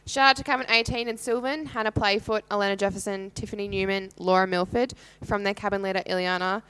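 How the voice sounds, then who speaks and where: Young aussie woman reading shoutouts on camp radio, smooth clear voice, upbeat. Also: medium pitch, fairly even intonation, fast. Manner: upbeat and friendly. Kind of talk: casual radio chat reading shout-outs. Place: small camp radio studio.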